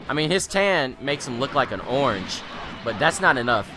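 A teenage boy hosting gameplay commentary, excitable, rambling and self-mocking. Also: medium pitch, a little slow, soft background music. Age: teens. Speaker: gaming channel host.

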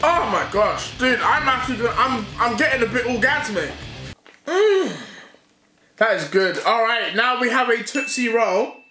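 A young British man on a casual taste-test vlog, reacting loudly and with excitement. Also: very high voice, normal speed. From United Kingdom. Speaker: YouTuber. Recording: echoey room with loud music.

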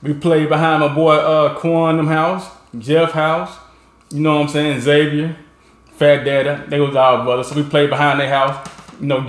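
A man hosting his own show, telling rambling, animated stories about backyard games and peppering them with "you know what I'm saying". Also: fairly high pitch, reverberant. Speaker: show host. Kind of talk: casual storytelling.

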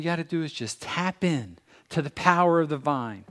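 A middle-aged American pastor preaching a sermon with dramatic pauses, now and then acting out voices. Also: male voice, fairly high pitch, lively intonation, a bit bright. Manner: dramatic pauses, acts out God's voice and a busy morning. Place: church sanctuary.

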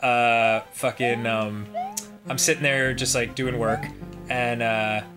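A man co-hosting a gaming show, chatting casually and laughing, who often jumps into high-pitched bits. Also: fairly even intonation, slow. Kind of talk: casual banter over gameplay. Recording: game music underneath.

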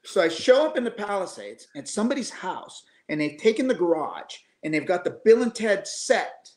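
A man in his fifties, a guest musician, telling animated anecdotes casually over a video call, with frequent restarts. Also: high voice, moderate pace. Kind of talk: casual storytelling. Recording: echoey room.

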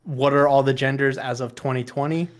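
Brief: male podcast guest, halting delivery, interjects often, mid pitch. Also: fairly even intonation. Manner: cuts in with quick asides, halting. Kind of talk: casual podcast chat.

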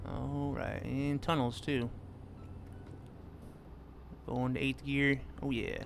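A man's voice: medium pitch, little pitch movement, slow pace, vocal fry, a little hiss or hum. Laid-back man streaming a truck game. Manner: laid-back, reads chat aloud and answers viewers. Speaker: gaming streamer. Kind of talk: casual live-stream chat while driving.

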